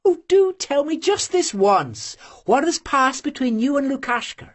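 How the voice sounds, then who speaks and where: An audiobook reader voicing a lively, teasing young Cossack girl who gushes and presses her friend with eager questions. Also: high-pitched, a little slow, pitched above the performer's own voice. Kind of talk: audiobook character voice.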